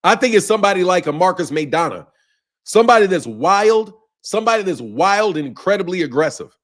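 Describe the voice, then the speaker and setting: A man with a high-sitting voice and fairly quick pace hosts a boxing live stream, reading chat aloud. He's animated and rambling, laughs often and swears freely.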